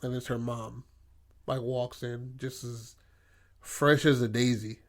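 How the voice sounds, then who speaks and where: A man co-hosting a podcast, pitching a story idea in a rambling, profane chat full of fillers. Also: level tone, takes it slowly. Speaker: podcast co-host. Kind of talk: casual brainstorming chat.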